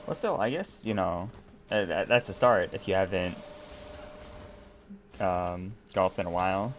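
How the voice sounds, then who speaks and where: A man's voice: sits low, measured pace, a little hiss or hum. An American man streaming a game, chatting casually with his viewers in a laid-back, rambling way and laughing often. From United States. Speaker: live streamer. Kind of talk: casual chat with viewers while gaming.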